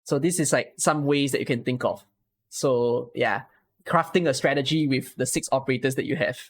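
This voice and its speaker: On a live stream, a man walks a viewer through a game strategy, patiently explaining and asking lots of rhetorical questions. His voice is mid-range and his speed is normal.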